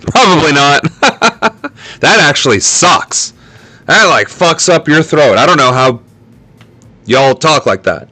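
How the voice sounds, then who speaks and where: A man's voice: fairly high pitch, animated, slow, pauses often, bright, forceful tone, slightly rough. A man hosting a political livestream in a sarcastic, joking, self-mocking way. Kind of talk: casual livestream commentary.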